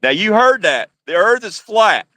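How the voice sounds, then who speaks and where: Excitable high-voiced man hosting. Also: a little slow, no echo. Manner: excitable, exclaims often. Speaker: host. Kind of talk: casual comedic chat.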